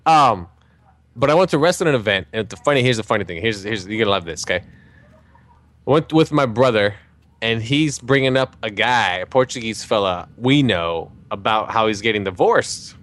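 A man hosting a podcast, telling a jokey anecdote in a casual, animated way, with some swearing. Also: fairly low pitch, normal speed. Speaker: podcast host. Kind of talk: casual storytelling chat.

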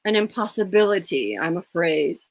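A woman's voice: lowish voice, sing-song, no echo. A woman doing a snooty English-accented rich man. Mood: haughty. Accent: English (put on). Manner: slow, haughty drawl. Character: snooty, dry-witted wealthy man.

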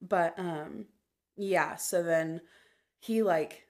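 A woman's voice: lowish voice, extremely slow. A woman in her twenties, a podcast guest chatting casually and telling stories full of "like". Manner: chatty storyteller, fills speech with "like". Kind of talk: casual chat. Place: podcast recording.

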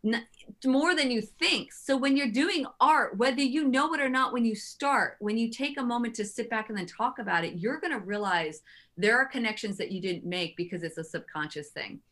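A woman artist chatting as a podcast guest, animated and quoting herself often. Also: fairly high pitch, normal speed. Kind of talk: casual interview chat.

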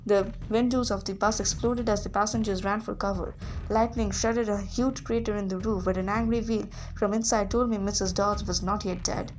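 A woman's voice: medium pitch, moderate pace, slight background noise. Woman reading a novel aloud. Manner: lively first-person narration with small slips. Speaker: audiobook reader.

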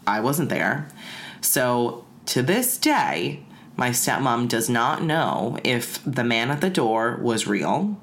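A woman's voice: extremely low pitch, a little hiss or hum. A woman casually telling a spooky story on a podcast, chatty and full of "like" fillers.

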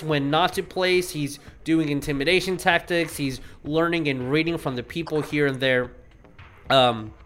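A man's voice: fairly high pitch, fairly bright tone. A man running a tabletop game as game master, chatty and explaining rules as he makes them up.

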